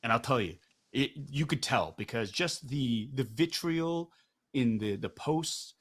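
A man's voice: mid-range voice, expressive, a little slow, a bit bright, slightly rough. A middle-aged man, a guest in a candid interview, making his points with rhetorical questions and a tag of "right?". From Canada.

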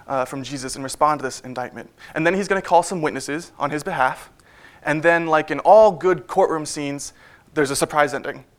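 A man preaching a sermon in a church, in a relaxed, conversational way with frequent fillers and wry asides. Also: on the high side.

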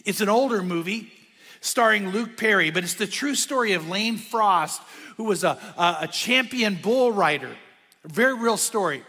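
A male pastor preaching a conversational sermon with bursts of energy and sudden hushed asides. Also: high-pitched, animated, moderate pace, breathy edge, big-room sound.

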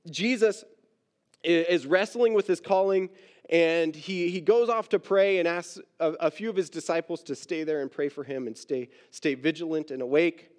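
A pastor giving a conversational sermon, casually acting out Bible characters and adding wry, self-deprecating asides. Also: male voice, fairly high pitch, darkish tone.

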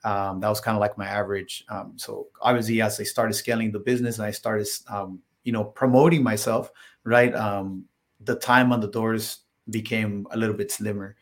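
A man guest on a podcast, telling stories in a casual, filler-heavy way and getting animated when he quotes himself. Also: on the low side, normal speed. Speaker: podcast guest, solar salesman. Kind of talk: casual interview storytelling.

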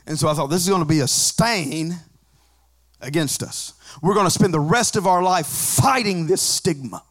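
A man preaching a sermon as a pastor, mixing joking asides with rising, shouted, sing-song preaching. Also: fairly high pitch. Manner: conversational asides with humor.

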